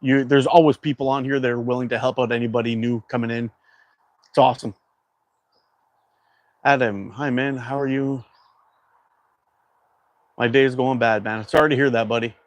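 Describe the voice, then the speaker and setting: A man's voice: mid-range voice, steady tone, moderate pace, long pauses, no echo. A man from Canada hosting a casual livestream, chatting and reading viewer comments aloud in a loose, rambling way. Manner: laid-back, rambling with fillers. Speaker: livestream host.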